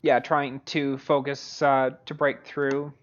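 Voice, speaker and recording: A man narrating as game master of a tabletop game, halting and full of fillers. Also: mid-range voice, little pitch movement. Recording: dull lo-fi audio.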